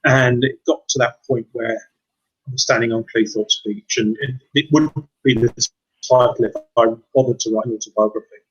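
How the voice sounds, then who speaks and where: A man in his fifties recounts his life in a reflective voice, stopping to restart his sentences. His tone is somewhat husky. The audio is dull and lo-fi, like a remote call. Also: mid-range voice, steady tone. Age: 50s. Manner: reflective, halting with repeated restarts. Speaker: guest, mindset coach. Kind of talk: candid personal story.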